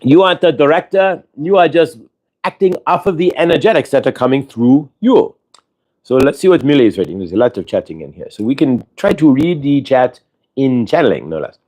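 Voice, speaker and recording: A man's voice: medium pitch, very animated, fairly quick, darkish tone. A man hosting a spiritual livestream, speaking as a channeled collective "we" in a rambling, repetitive way and acting out everyday dialogue in quoted voices.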